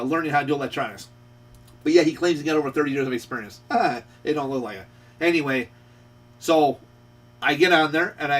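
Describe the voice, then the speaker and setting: A man's voice: on the high side, fairly bright tone, distant mic. A middle-aged man who runs a radio repair shop, scolding a rival in a confrontational rant and repeating his points. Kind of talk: ranting call-out video.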